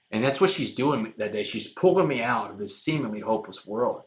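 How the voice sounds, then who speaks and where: A man telling a personal story as a podcast guest, emphatic and moving between hushed and loud passages. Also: lowish voice, lively intonation, fairly quick, few pauses.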